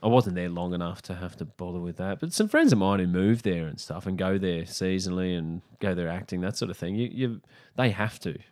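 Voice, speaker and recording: Deep low aussie bloke, middle-aged comic guest, dry wry storytelling, swears a bit. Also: male voice, expressive, brisk, hardly any pauses, a little mellow. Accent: Australian. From Australia. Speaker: podcast guest, comedian. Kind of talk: casual chat.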